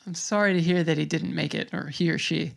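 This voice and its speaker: A man's voice: a little high, fairly even intonation, brisk, gravelly, a bit bright. A man from New York City hosting a podcast, chatting in a rambling way and laughing easily. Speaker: podcast host. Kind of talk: casual interview chat.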